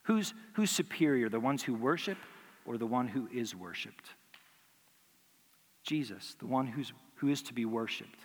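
A man's voice: medium pitch, expressive, measured pace, long reverb tail. A man preaching a sermon as pastor, teaching through rhetorical questions and acting out imagined replies.

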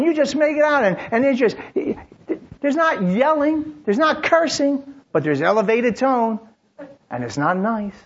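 A man's voice: fairly high pitch, husky, highs cut off. A man preaching, telling a story in the third person in short dramatic lines with frequent restarts. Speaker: pastor. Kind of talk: sermon storytelling.

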